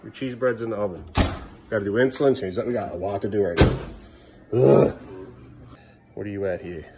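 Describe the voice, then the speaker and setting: A man's voice: very fast, heavy background noise. Tired dad filming his kids at home. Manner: swings between upbeat talk to his kids and low tired asides to camera. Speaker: father and vlogger. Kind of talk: casual home vlog. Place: family home indoors.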